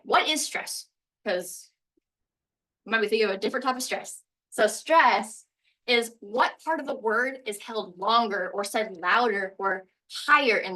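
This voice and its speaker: A woman's voice: mid-range voice, sharp tone, far from the mic, poor audio. A woman teaching a recorded language lesson, explaining pronunciation step by step. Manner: explanatory, walks through examples step by step.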